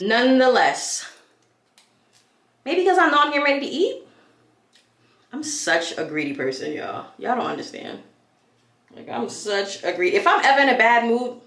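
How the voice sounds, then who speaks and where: A woman's voice: a little high, a bit bright, roomy sound. A young woman from New York chatting casually as a vlogger while she does her hair, hyped and full of tangents. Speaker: beauty vlogger.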